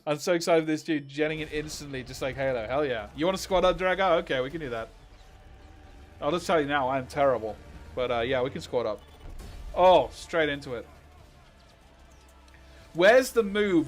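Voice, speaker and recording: A man reacting excitedly on a live stream, exclaiming and reading viewer questions. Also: a little high.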